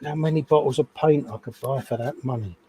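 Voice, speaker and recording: Husky Cockney man bantering. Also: medium pitch, a little fast, dark tone. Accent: London Cockney. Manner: banter, teasing. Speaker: co-host. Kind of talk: casual live-stream chat.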